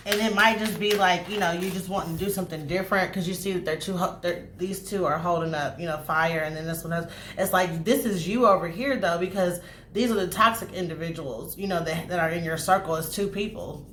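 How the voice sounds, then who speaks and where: A woman's voice: lowish voice, brisk. Chatty tarot-reading woman, echoey room. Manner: chatty, animated, swears freely, acts out spirit messages. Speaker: tarot reader. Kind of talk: casual tarot reading to camera. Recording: echoey room, faint noise.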